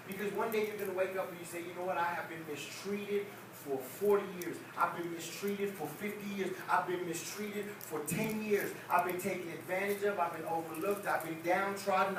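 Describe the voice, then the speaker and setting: High-voiced preacher in an echoey church. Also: male voice. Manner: repetitive, building emphatic refrains. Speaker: evangelist preacher. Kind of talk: revival sermon. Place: church sanctuary. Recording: echoey church hall, distant mic, noisy.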